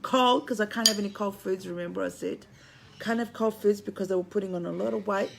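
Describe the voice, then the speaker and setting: A woman's voice: medium pitch, fast talker, gravelly, background noise. A woman with Greek roots who lives in Australia, giving a blunt, preachy livestream monologue from home to her viewers, swearing freely and calling them friends. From Greek heritage, living in Australia. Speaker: online spiritual commentator. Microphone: phone.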